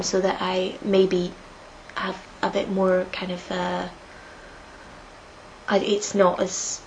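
A young woman from Edinburgh with a slightly lilting Scottish accent, unhurried and soft-spoken, reading a passage and then talking with some hesitation. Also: medium pitch, a little hiss or hum, rough recording. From Scotland. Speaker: accent study speaker.

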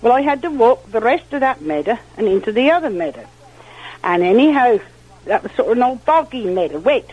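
Older husky countrywoman telling stories. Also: on the high side, fairly quick, phone-quality sound. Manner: rambling, repeats "well, anyhow", quotes others in lively voices. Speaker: interviewee. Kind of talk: oral history storytelling.

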